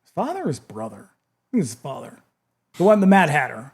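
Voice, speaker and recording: Man, podcast co-host, fairly high, lively voice, chatty trivia talk. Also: brisk, husky. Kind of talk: casual movie chat.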